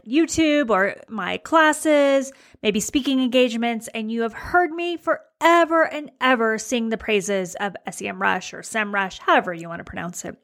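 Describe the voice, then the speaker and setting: A woman's voice: high-pitched, fairly bright tone. A woman talking casually to her blog audience as their coach, chatty with fillers and emphatic repeats. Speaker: blogging coach. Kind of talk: casual video talk to followers.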